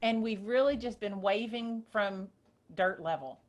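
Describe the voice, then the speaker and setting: A woman hosting a casual group call, telling a story in an excited, rambling way. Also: mid-range voice, measured pace, muffled recording. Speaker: host. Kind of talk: casual chat.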